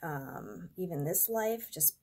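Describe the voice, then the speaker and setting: A woman's voice: lowish voice, expressive, slow pace, creaky, darkish tone, breathy edge. A young adult woman vlogger telling a rambling, profane, exasperated story in a casual storytime vlog.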